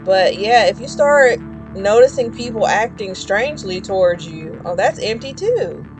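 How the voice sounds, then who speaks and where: A woman's voice: medium pitch, expressive, a little slow, over music. A woman chatting casually while streaming a game, rambling and shrieking when startled. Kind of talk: casual gameplay commentary.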